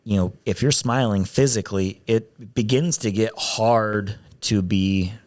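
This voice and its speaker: A man's voice: on the low side, unhurried, darkish tone. A man hosting a podcast in casual chat, talking in a rambling way with frequent restarts, on a studio mic with headphones. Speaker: podcast host.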